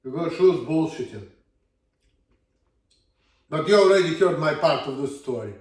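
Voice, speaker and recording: A man's voice: a little high, lively intonation, moderate pace, darkish tone. Frustrated swearing man with a Russian accent. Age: 30s. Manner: frustrated, blunt, swears a lot. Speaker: vlogger. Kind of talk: casual ranting monologue. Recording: echoey room, from far off.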